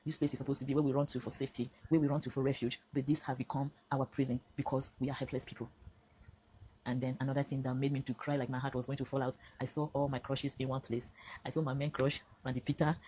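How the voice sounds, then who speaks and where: A middle-aged Nigerian woman speaks in a Nigerian accent, very low-pitched and rushing. Her words pour out fast and pleading as she addresses her followers directly. Her tone is dark and mellow. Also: little pitch movement, a little hiss or hum, low-quality recording. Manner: impassioned, pleading storytelling. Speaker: social media vlogger. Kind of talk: direct-to-camera personal statement.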